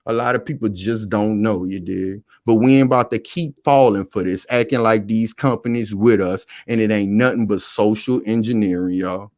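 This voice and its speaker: A man's voice: lowish voice, normal speed, few pauses, darkish tone, dry recording, studio quality. A man hosting a live stream and talking casually, preaching and calling out to his viewers again and again.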